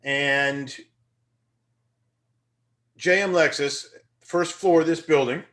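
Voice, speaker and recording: A young man, a teacher, giving a conversational and energetic motivational lecture that rises into emphatic bursts. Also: on the high side, takes it slowly.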